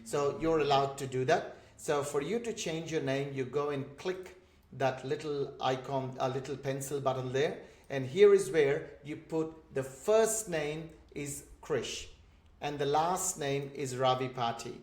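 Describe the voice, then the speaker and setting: A man's voice: mid-range voice, unhurried, darkish tone. A man from India with an Indian English accent, patiently explaining examples in an online course lesson. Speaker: instructor for migrant job seekers. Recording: roomy echoey room.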